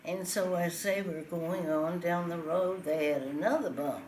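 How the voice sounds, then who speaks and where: A woman telling a folksy animal tale, unhurried and pausing often with "uh". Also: fairly low pitch, darkish tone, slight background noise. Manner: unhurried, with many "uh" pauses. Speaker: storyteller. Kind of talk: folksy spoken storytelling.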